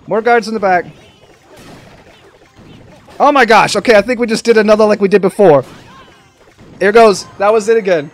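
A man giving excitable live commentary over his own gameplay, talking to the game and to his viewers. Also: sits high, very fast, hardly any pauses, faint music behind. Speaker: gaming commentator.

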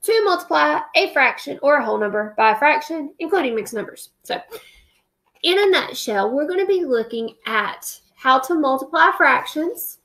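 A woman's voice: high-pitched, lively intonation, moderate pace, fairly bright tone. A woman teacher introducing a math lesson and reading a picture book aloud, checking in often with "okay?". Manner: friendly, checks in with repeated "okay?".

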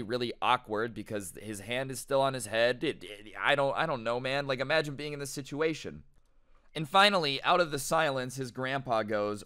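A young man hosting a casual storytime, telling the story in a slangy, animated way. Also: mid-range voice, clean tone, no room sound, studio quality. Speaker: storytime host.

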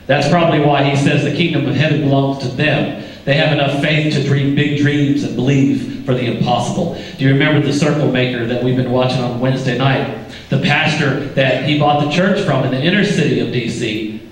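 A man's voice: medium pitch, fairly even intonation, a little fast. An older man preaching a sermon as pastor, folksy and joking, quizzing the congregation as he goes. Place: church sanctuary. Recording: echoey church from a distance.

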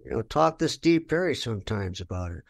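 An older rock guitarist gives a candid interview in a mid-range voice with big pitch swings, talking briskly with vocal fry. He tells stories bluntly, swears a lot, and acts out things he said back then.

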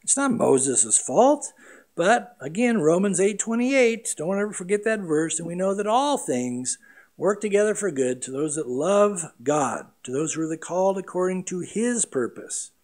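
A middle-aged man preaching a sermon as pastor, earnest and emphatic, with big swings between loud and quiet. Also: sits high, lively intonation, moderate pace.

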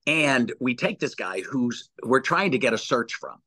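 Animated storytelling man, dry sound. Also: medium pitch, a little slow, no echo. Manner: animated storyteller with many restarts. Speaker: executive search guest. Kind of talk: storytelling interview answers.

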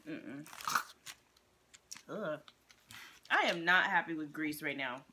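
A woman's voice: low-pitched, takes it slowly. A woman co-hosting a casual snack-tasting vlog, blunt, swearing freely and laughing often. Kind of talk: casual chat. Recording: noisy background with crinkling wrappers.

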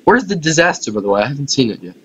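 A man's voice: medium pitch, very animated, racing, slightly rough, poor audio. A man giving casual, self-mocking let's-play commentary on a game, talking to viewers and laughing often. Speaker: gaming YouTuber.

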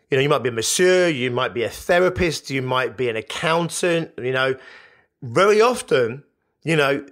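A man's voice: mid-range voice, a bit bright. A man hosting a solo business podcast, coaching listeners in an emphatic, repetitive way. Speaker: podcast host.

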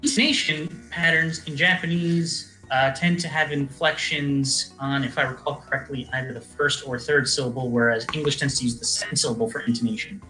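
A man with a bright, forceful voice explains things at length in a lecturing way. He fills his pauses with ums. He sounds like he is in an echoey room. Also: mid-range voice, steady tone, soft background music. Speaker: guest player on a call. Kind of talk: casual chat on a game stream.

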